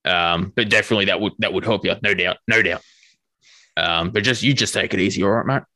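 A man's voice: deep voice, fast talker, pushed and bright, no room sound. A man voicing a laid-back, chummy elf. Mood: reassuring. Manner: casual and chummy, calls people mate. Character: easygoing male elf healer, laid-back.

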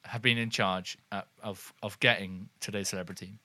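A man's voice: fairly low pitch, steady tone, moderate pace, pushed and bright, no room sound. A man co-hosting a comedy podcast with playful, mock-announcer delivery. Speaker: podcast co-host. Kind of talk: casual comedy banter.

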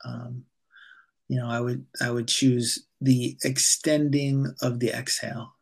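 Gravelly, husky-voiced man, calm and halting. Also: mid-range voice. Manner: calm, halting with many fillers and restarts. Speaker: yoga teacher, guest. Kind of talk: conversational interview, guiding a breathing exercise.

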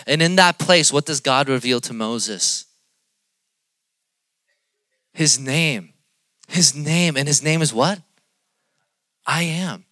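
A young adult man preaching a sermon, swinging between loud emphatic passages and quiet joking asides. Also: medium pitch, no echo. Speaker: pastor.

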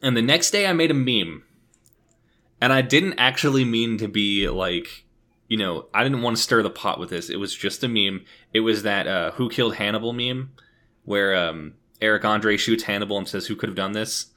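A man's voice: fairly low pitch, normal speed, bright, forceful tone. A young man casually telling a story on a podcast, swearing freely and laughing often. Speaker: podcast co-host.

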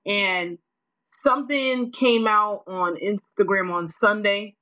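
A woman's voice: mid-range voice, slow pace, bright, forceful tone. A woman co-hosting a podcast, brash and profane, teasing her co-hosts as she tells the backstory. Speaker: podcast co-host. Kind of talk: casual gossip chat. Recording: dull lo-fi audio.

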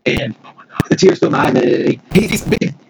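Fast-talking man, noisy recording. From Mississippi. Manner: rambling, excited, many restarts. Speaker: podcast guest. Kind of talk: casual storytelling.

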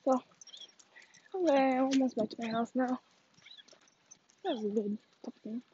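High-voiced young woman rambling on a walk. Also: normal speed, warm tone, dull audio, a little hiss or hum. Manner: rambling, gossipy, filler-heavy. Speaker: vlogger. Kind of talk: casual fake phone chat while walking. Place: outdoors on a neighborhood walk with a dog. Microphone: phone held while walking.

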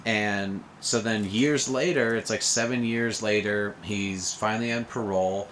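A man's voice: on the low side, fairly even intonation, unhurried, a bit bright, slight background noise. Young man rambling in casual chat. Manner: rambling, lots of filler "like", laughs often. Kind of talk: casual podcast chat about movies.

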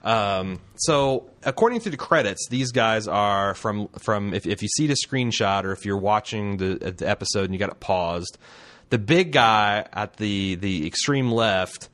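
Rambling low-voiced podcast guy. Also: measured pace, fairly bright tone. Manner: rambling, loose and profane, with many restarts and fillers. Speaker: podcast co-host. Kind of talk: casual chat.

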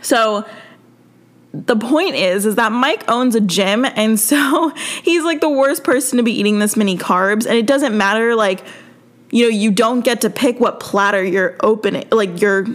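A woman's voice: a little high, unhurried. A young woman in casual chat, telling a story with lots of "like" and "um" fillers. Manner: chatty, filler-heavy storytelling with frequent "like" and "um". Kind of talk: casual chat recapping a TV episode.

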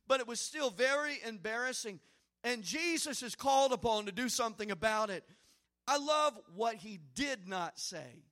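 A man preaching to his congregation in a very high, bright voice. He swings from quiet, conversational asides up to shouted, urgent declarations, and he calls on the room to answer back. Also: expressive, normal speed. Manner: preaching with rising, shouted emphasis and call-and-response. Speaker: pastor. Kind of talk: sermon.

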